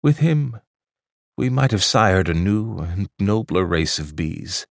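A man's voice: deep voice, slow pace, creaky, no echo, clean studio sound, full character voice. A man voicing a fervent idealist orator. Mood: rueful. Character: impassioned idealistic man preaching bee liberation. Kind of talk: audiobook character reading.

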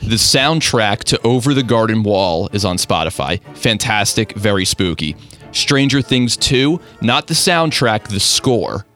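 A man's voice: on the low side, animated, unhurried, a bit bright, soft background music. A young man hosting a radio show, chatting casually in a laid-back, rambling, self-deprecating way. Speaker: radio host. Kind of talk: casual chat.

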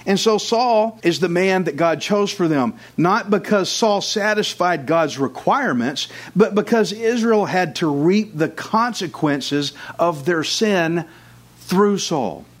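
Man preaching a lively sermon. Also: high-pitched, takes it slowly. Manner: conversational preaching with asides and jokes. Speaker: pastor. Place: church.

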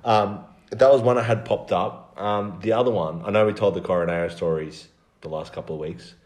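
A man's voice: lowish voice, fairly even intonation, brisk, a little mellow. A man hosting a casual podcast, prompting his guest with teasing questions. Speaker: podcast host. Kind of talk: casual chat.

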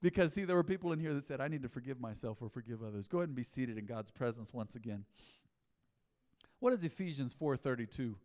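Preaching pastor in a reverberant hall. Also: male voice, mid-range voice, fast. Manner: animated preaching, rising and falling dynamics, calls to the congregation. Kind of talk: sermon. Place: large church hall.

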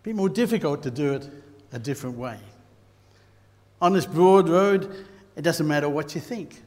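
An Australian man preaching a sermon, telling stories and rising to loud bursts. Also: fairly high pitch, lively intonation, moderate pace. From Queensland, Australia. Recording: long hall reverb.

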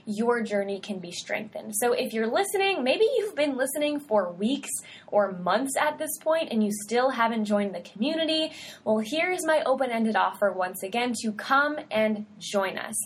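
A woman's voice: a little high, lively intonation, normal speed, a little hiss or hum. A young adult woman, a dietitian, hosting her own podcast solo in an upbeat, chatty way with casual slang.

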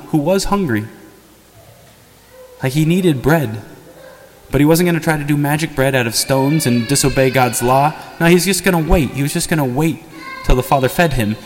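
A man preaching a sermon as parish priest, conversational and earnest, often pleading. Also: a little high. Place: church. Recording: long church reverb.

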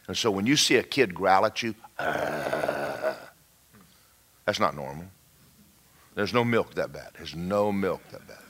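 A man preaching a storytelling sermon, folksy and animated, with joking asides and sudden shouts. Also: low-pitched.

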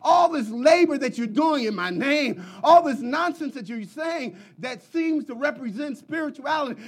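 A male preacher delivering a lively, folksy sermon, swinging between hushed talk and shouting. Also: extremely high pitch, unhurried, hardly any pauses, breathy edge.

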